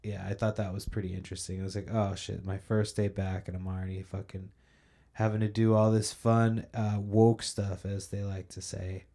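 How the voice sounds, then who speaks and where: A man's voice: low voice, level tone, brisk, gravelly, warm tone. A young man hosting a podcast, ranting in a casual, profane, rambling monologue and sounding a little sleepy. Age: young adult. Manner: profane, ranting, loose storytelling. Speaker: podcast host.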